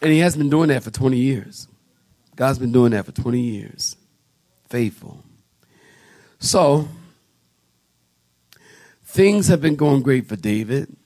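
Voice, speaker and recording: A man's voice: mid-range voice, takes it slowly, long pauses. A male pastor preaching a sermon in a church, acting out little quotes as he tells stories. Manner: animated storytelling preacher, acts out quotes. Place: church sanctuary.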